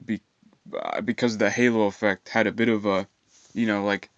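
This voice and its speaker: A young man telling a rambling personal story in an aggrieved, profane way, halting with fillers. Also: on the low side, little pitch movement, dry recording, highs cut off. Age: young adult. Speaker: vlogger.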